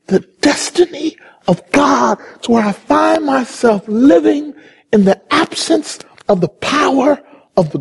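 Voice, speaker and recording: High husky-voiced preacher. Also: male voice. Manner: passionate, repetitive preaching, swings from fast to slow drawn-out phrases. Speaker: pastor. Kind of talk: sermon. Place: church in California.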